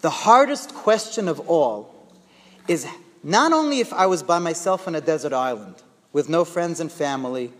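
A man telling a story in a sermon, in an animated, conversational way. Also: on the high side, moderate pace, big-room sound.

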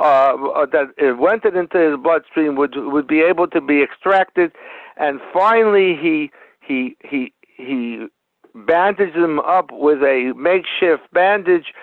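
A high-voiced man preaches a sermon through a parable, telling the story with frequent repetitions and restarts. The sound is narrow and tinny like a phone line, and completely dry. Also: no room sound. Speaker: Torah teacher. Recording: tinny phone-like radio broadcast.

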